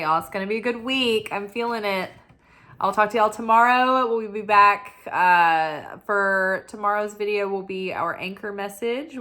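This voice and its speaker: A woman's voice: mid-range voice, bright, forceful tone. Chatty, tired woman reading oracle cards. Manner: chatty and self-mocking, lots of "like". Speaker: spiritual oracle reader. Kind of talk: casual chat.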